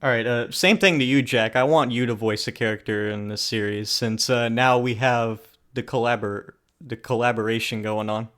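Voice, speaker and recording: A man hosting a casual interview show, asking guests questions in a relaxed, self-deprecating way. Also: mid-range voice, moderate pace, few pauses. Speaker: host.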